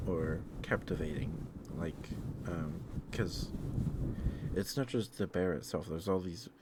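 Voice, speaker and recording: Deep slow-talking man, ASMR ramble. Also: noisy background. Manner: hesitant, soft-spoken, full of fillers. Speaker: streamer.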